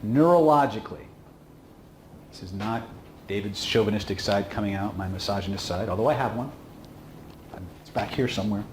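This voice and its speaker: A man teaching a seminar in a casual, emphatic way, often pausing to check in with "okay?". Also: fairly low pitch. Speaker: instructor. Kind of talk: seminar lecture. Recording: echoey room with faint hum.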